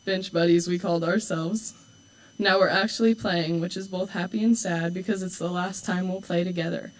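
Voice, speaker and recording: A teenage girl in her late teens giving a prepared speech as a homecoming court candidate indoors at a school event, heartfelt and warm, with teasing, dry asides. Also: fairly low pitch, fairly even intonation, normal speed, poor audio.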